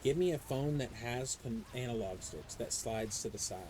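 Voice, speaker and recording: A young adult man streaming a game, chatting casually and ranting in profane, animated stories. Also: mid-range voice, normal speed, a little hiss or hum, rough recording. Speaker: live streamer. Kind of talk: casual chat while gaming.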